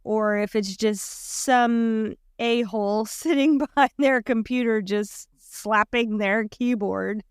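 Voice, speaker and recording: A woman co-hosting a podcast, chatty and quick to giggle. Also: on the high side, smooth, dry recording, clean studio sound. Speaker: podcast co-host. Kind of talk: casual conversational commentary.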